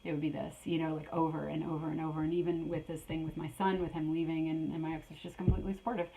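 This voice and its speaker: A middle-aged woman giving a spiritual tarot reading in a rambling way, repeating her phrases and filling pauses, a little out of breath. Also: low-pitched, flat delivery, mellow, low-quality recording. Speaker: tarot reader.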